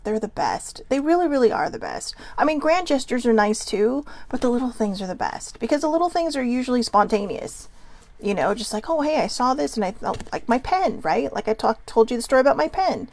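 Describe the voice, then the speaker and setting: A woman's voice: on the high side, big pitch swings, a little fast, a little mellow. A woman hosting a casual chat show, reading gratitude cards and rambling into giggly side notes. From Filipino and Hawaiian heritage. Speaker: host.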